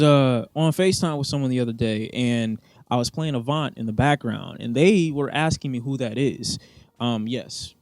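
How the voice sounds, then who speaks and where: Male music reviewer, mid pitch, blunt and playful, dry close-miked read. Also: no echo. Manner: blunt, joking, swears freely, animated bursts. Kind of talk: casual music review vlog.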